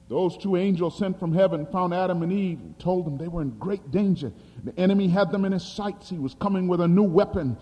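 A man preaching a sermon dramatically, swinging between loud emphasis and quiet asides, recorded in a reverberant hall. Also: high-pitched, breathy edge. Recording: long hall reverb, from a distance.

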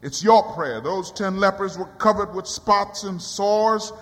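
High bright-voiced preacher in a reverberant hall. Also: male voice, measured pace. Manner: dramatic rising cries and quiet drops. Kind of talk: sermon. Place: church.

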